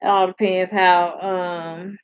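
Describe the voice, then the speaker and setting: A woman's voice: on the low side, level tone, slow, clear, resonant tone, phone-quality sound. A sleepy woman hosting a casual live stream, rambling, laughing and answering comments from her chat.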